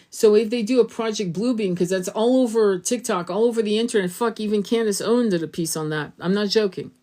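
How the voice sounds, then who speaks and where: A middle-aged woman rambles through a spiritual monologue for her tarot channel. She talks with loose, emphatic energy, swears freely, and pops into a higher voice to act out what people said. Her pitch sits in an ordinary middle range. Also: darkish tone.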